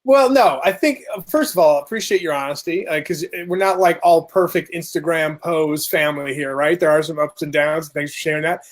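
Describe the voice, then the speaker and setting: Upbeat high-voiced man reading comments. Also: brisk, hardly any pauses. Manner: upbeat, reads out viewer comments. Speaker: podcast co-host. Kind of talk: casual chat.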